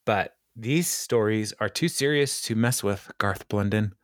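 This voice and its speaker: A man's voice: lowish voice, unhurried, no room sound, studio quality. A man co-hosting a podcast in casual chat, joking and slipping into mock speeches. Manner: playful, jokey, with mock speeches. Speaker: podcast co-host.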